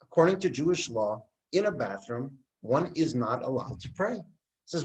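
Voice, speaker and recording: A man, likely a rabbi, giving a sermon and telling a story, acting out the characters' dialogue with lively expression. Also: mid-range voice, normal speed, low-quality recording. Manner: animated storyteller who acts out the dialogue.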